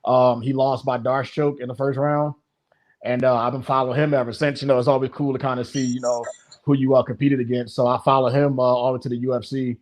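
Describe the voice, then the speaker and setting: A man's voice: mid-range voice, level tone, fast. A man who coaches fighters, telling stories in casual podcast chat and rambling with lots of fillers. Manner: rambling storyteller with many fillers. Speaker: martial arts coach.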